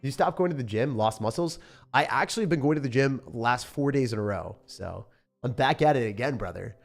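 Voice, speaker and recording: A young adult man talks his way through a match in casual gaming commentary, chatty and excitable. His voice sits at an ordinary middle pitch. He cracks jokes and breaks into laughs, with faint music underneath. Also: fairly quick, creaky. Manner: chatty and excitable, joking and laughing often, slangy. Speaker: gaming channel host. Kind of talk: casual live gameplay commentary.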